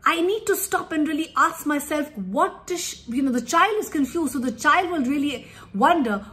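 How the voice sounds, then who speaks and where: A woman's voice: high voice, expressive, moderate pace, few pauses, fairly bright tone. A woman parenting coach giving earnest, emphatic advice to parents in an instructive talk.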